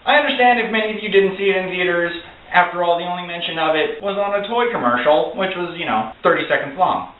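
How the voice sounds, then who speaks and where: A man ranting through a casual film review, sarcastic, profane and excitable. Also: sits high, fast talker. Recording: tinny, echoey, far from the mic.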